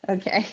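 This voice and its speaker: A woman with a high, mellow voice, muffled on the recording, gives live intuitive readings online from her home near a kitchen. She's a medium working over a video call, chatty and hesitant, with lots of ums.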